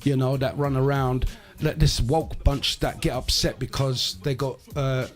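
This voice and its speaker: A man's voice: mid-range voice, flat delivery, unhurried, faint music behind. A man hosting a live podcast in casual chat, talking emphatically with rhetorical asides. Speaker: podcast host.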